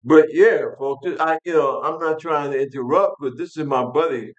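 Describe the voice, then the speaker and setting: An older New York man hosts a vlog, ranting casually and bluntly about politics to the camera, angry and often restarting his sentences. His voice is a little high at normal speed, and the audio is dull and reverberant.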